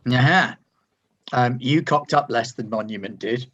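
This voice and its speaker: A man with a husky, slightly breathy voice runs a tabletop game as game master. He describes each scene patiently and reassures his players as they act. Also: medium pitch, a little slow, fairly bright tone, lo-fi sound.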